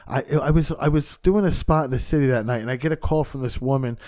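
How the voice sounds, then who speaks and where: A man, a stand-up comedian guest on a podcast, telling an anecdote in an animated way, acting out dialogue and swearing casually. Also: mid-range voice, fast.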